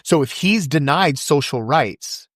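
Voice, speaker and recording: A man speaking as a podcast guest in casual conversation, fervent and quick to recite scripture from memory. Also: expressive, fairly bright tone, dry recording, clean studio sound. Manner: acts out quoted voices with big pitch jumps.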